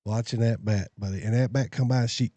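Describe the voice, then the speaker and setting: Male podcast host with a warm low tone and a dry mic sound. He tells funny stories about himself with lots of energy. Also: fast talker, no room sound. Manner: animated, self-deprecating storyteller. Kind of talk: casual storytelling chat.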